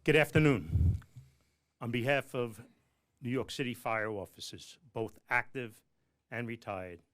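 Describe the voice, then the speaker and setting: A man's voice: fairly low pitch, a bit bright. A man leading a fire officers' union, giving a rousing, rhetorical press conference speech.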